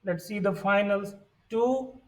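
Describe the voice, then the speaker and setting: A man teaching a pronunciation lesson, reading the sounds out one by one in a deliberate way. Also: sits high, distant mic, poor audio. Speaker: language teacher. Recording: voice set back from the mic.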